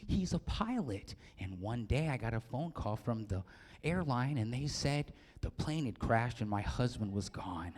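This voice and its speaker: A man's voice: mid-range voice, very animated, unhurried, a little mellow. A man quoting an ancient sly old widow. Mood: matter-of-fact.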